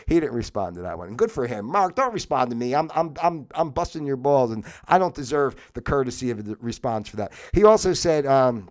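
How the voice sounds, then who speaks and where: A man's voice: mid-range voice, sing-song, moderate pace. A man hosting a casual solo livestream, rambling and sarcastic and laughing at his own jokes. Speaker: livestream host.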